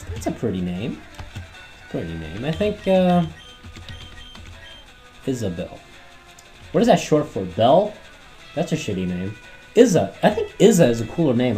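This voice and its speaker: A man commentating his gameplay run, rambling and swearing often, his throat worn from yelling at the screen. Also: medium pitch. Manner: rambling, heavy swearing, talks back at the game. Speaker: let's play host.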